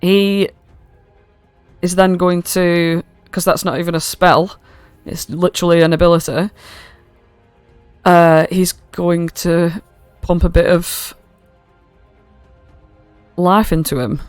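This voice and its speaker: Woman as game master, casual sweary narration, smooth close dry sound. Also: lowish voice, steady tone, slow pace, pauses often, a little mellow, no room sound, faint music behind. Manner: casual and swearing, with many fillers. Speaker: dungeon master.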